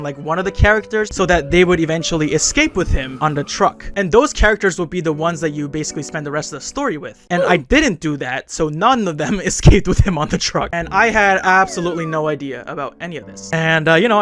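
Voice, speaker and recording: A man's voice: on the high side, a bit bright. A young man giving a comedic recap of a game, exasperated and swearing often. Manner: exasperated, profane ranting. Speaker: anime and game reviewer.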